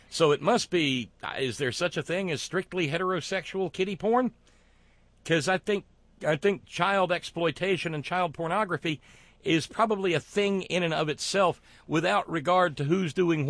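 A man hosting a talk show, delivering sardonic, wry commentary with frequent fillers and halting restarts. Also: on the high side, fairly bright tone, no room sound.

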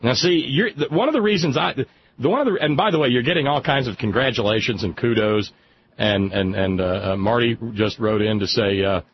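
A man's voice: medium pitch, fairly quick, slight background noise. A man with a Southern accent hosting a radio call-in show, talking in a wry, rambling way with many restarts. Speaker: radio talk show host. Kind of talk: casual call-in chat. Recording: slightly muffled radio broadcast.

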